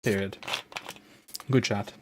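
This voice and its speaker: A man's voice: fairly low pitch, steady tone, takes it slowly, background noise. A man streaming a game, chatting playfully and rambling, slipping into a put-on British accent. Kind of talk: casual gameplay commentary.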